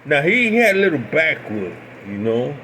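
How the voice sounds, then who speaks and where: A man from Puerto Rico telling a story in an animated way, repeating phrases for emphasis. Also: fairly high pitch, moderate pace, a little hiss or hum. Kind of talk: casual storytelling.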